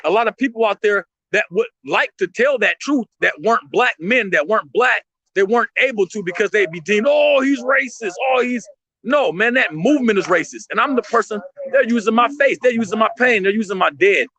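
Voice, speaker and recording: A man's voice: sits high, a little fast, bright, forceful tone, low-quality recording. A man talking emotionally and emphatically on a livestream from his street stand, in slangy street talk. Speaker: street artist and vendor, livestream guest.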